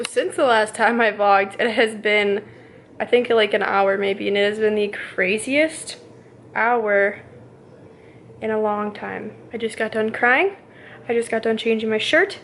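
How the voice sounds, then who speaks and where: A chatty young woman rants through a chaotic story in a casual vlog, her voice pitched a little high. Her talk is dotted with fillers, and she runs her words together as she goes. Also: fairly even intonation, normal speed, poor audio. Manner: chatty, ranting, full of "like" fillers. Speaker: vlogger and young mother.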